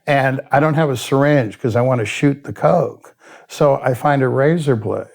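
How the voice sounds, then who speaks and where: A man's voice: mid-range voice, moderate pace, gravelly, darkish tone. A man, a guest in an interview who tells his story candidly, bluntly and with a lot of swearing, and sometimes laughs at himself. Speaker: addiction expert guest.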